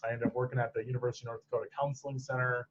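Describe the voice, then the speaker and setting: Racing along in a flat, medium-pitched delivery, a man from Michigan's Upper Peninsula talks about his clinical training as a podcast guest. It's a casual interview chat full of rambling, restarts, and laughs, and the recording's highs are cut off.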